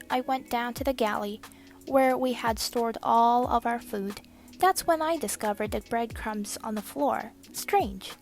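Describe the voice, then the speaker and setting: A woman reading a children's chapter book aloud in a slow, expressive storytelling manner. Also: fairly high pitch. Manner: slow, expressive storytelling with soft hushed passages. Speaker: reader.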